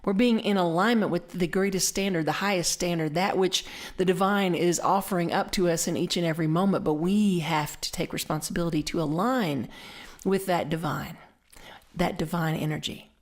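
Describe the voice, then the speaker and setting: A middle-aged Southern woman minister delivers a relaxed online sermon in a lower voice. She talks reflectively, repeating key phrases and slowing down so they sink in.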